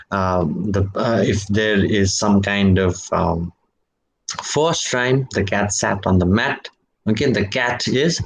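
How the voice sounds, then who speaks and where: A man giving a university lecture on poetry. He speaks slowly and deliberately, often says "okay" and "right", and draws out example words, jumping up in pitch on them. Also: low-quality recording.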